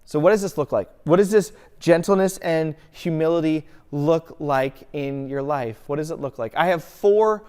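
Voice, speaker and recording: A man preaching a sermon as a pastor, earnest and emphatic, asking rhetorical questions and swinging between loud stress and quiet, soft passages. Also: fairly high pitch, normal speed, few pauses, smooth. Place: church sanctuary.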